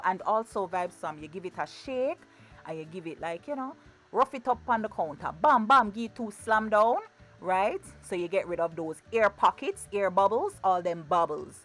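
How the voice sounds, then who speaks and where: A woman giving a chatty, playful cooking demonstration in her home kitchen, often repeating her words. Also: fairly low pitch. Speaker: cooking vlogger.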